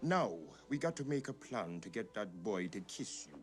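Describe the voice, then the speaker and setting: An actor voicing a fussy, devoted male crab advisor who scolds and coaxes slowly, from a film clip. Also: lowish voice, big pitch swings. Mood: fretful coaxing. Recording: film clip with faint music.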